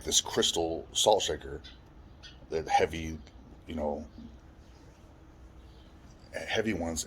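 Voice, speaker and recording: A man's voice: extremely low pitch, fairly bright tone, a little hiss or hum. A man telling his own life story in a blunt, plain-spoken way, swearing often. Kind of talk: personal life story monologue.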